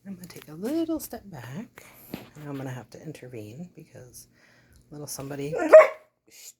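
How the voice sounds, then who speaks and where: A woman's voice: low voice, sing-song, a little fast, background noise. A woman filming her dog and cat at home on a rainy day, chatting casually and using a soothing pet voice with the dog. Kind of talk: casual home video narration.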